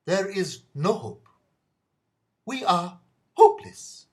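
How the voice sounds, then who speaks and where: South African man, lively comic rambling. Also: high voice, takes it slowly, long pauses. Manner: rambling, self-mocking, many restarts. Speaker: podcast host. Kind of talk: comic news monologue.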